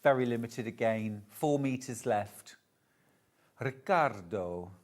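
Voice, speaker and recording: A man hosting a live shopping show, unhurried yet gushing over every item. His pitch swoops up and down in a lively, animated way. He is chatty and warm toward viewers, with plenty of delighted asides. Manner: gushing, chatty and enthusiastic about fabrics. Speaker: home shopping presenter. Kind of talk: live shopping channel presentation.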